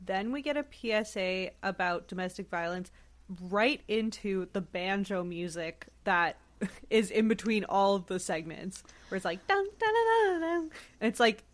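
A woman's voice: mid-range voice, moderate pace. A woman guest on a podcast, chatting casually and adding reflective commentary. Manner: reflective, adds commentary and analysis.

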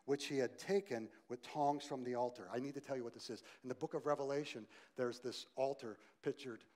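A male pastor preaching a sermon, swinging from loud emphasis to quiet softness and asking the congregation direct questions. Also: mid-range voice, fairly even intonation, brisk.

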